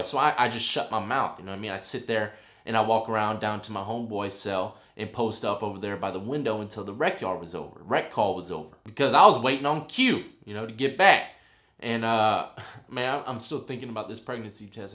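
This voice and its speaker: A man in his thirties casually telling a long story, rambling and animated, full of "you know what I mean". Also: medium pitch. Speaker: vlogger telling a prison story. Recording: roomy echo.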